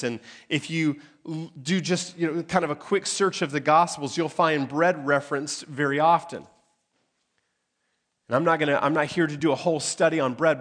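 A man's voice: on the high side, a bit bright. Emphatic male pastor preaching. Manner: emphatic, dramatic pauses on key phrases. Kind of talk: sermon. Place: church sanctuary.

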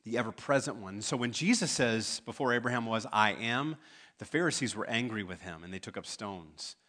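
A man's voice: fairly low pitch, expressive, a little fast, sharp tone. Conversational male pastor preaching. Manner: conversational, joking asides to the congregation. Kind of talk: sermon. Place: church sanctuary.

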